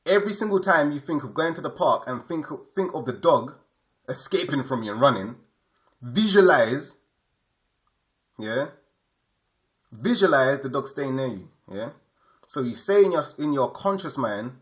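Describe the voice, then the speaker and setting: A man's voice: mid-range voice, animated, moderate pace, pauses often. A man giving a spiritual lesson, repeating his points emphatically and checking in with his listeners. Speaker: spiritual teacher. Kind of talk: explanatory spoken lesson.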